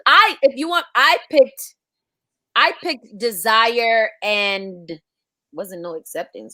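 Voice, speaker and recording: A woman's voice: mid-range voice, takes it slowly, pushed and bright, no echo. A young adult woman co-hosting a casual live chat show, reading out a list and laughing often. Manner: laughing, reads lists aloud. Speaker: podcast co-host.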